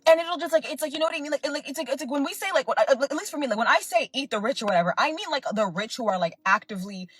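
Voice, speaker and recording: A woman's voice: high-pitched, lively intonation, very fast. A young woman hosting her own show, giving an emphatic, rambling commentary full of filler words. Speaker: podcast host and content creator. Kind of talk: casual commentary rant.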